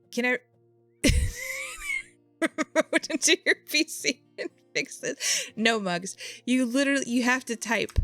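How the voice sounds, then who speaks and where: A woman streams a game and chats casually with her viewers, thinking aloud with some exasperation. Her voice is a little high and fairly bright, with no room sound.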